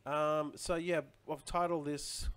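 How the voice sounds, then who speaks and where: A man's voice: fairly high pitch, little pitch movement, takes it slowly, a bit bright, clean tone. Rambling man live streaming. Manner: rambling, chatty, answers viewer comments. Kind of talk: casual live stream chat.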